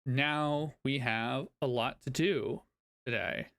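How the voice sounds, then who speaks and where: A man casually narrating his own card game play, thinking aloud, counting out loud and laughing often. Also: medium pitch, takes it slowly, smooth. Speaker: card game content creator. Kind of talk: casual gameplay commentary.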